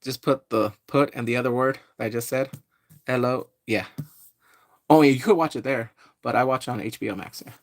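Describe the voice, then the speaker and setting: A man giving a rambling, casual live-stream recap, greeting viewers and laughing often. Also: mid-range voice. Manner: slips into quick exaggerated character voices. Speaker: live-streaming pop culture reviewer.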